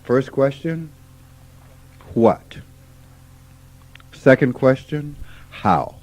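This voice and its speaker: A man gives an informal spiritual talk. He is folksy and unhurried, and he asks questions and then answers them himself. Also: medium pitch, lively intonation, a little mellow. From Mississippi, USA. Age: 50s. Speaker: spiritual teacher. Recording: dull archival tape recording.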